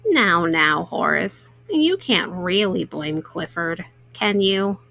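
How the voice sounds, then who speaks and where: Woman reading as a kind wife, soft and low, gently soothing, slow. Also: expressive, gravelly, no room sound, full character voice.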